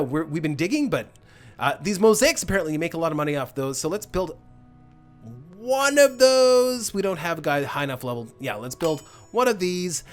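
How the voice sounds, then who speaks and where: A man narrates his own gameplay as he goes, thinking out loud and often correcting himself mid-sentence. His pitch swings widely from low mutters to high exclamations. Faint game music plays underneath. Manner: thinking aloud, rambling, self-correcting. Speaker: gameplay channel host. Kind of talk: let's play commentary.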